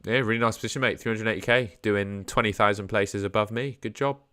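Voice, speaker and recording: A young man talks through a casual live stream, mulling things over aloud as he fiddles with his setup. His voice sits low, and the sound is dry and close to the mic. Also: steady tone, quick pace, sharp tone, no echo. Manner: chatty, thinks aloud while fiddling with screens. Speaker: host.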